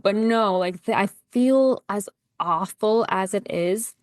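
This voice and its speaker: A woman's voice: on the low side, fairly even intonation, a little slow, darkish tone, dry recording. A woman guest on a podcast, a gardener who chats casually, fills her talk with "like" and acts out quoted lines with animation. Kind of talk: casual chat.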